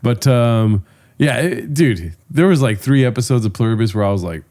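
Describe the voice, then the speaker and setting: A man's voice: mid-range voice, expressive, moderate pace, warm tone. A man co-hosting a podcast in casual chat, swearing freely and calling people dude, still getting over a cold. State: recovering from a cold. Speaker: podcast co-host.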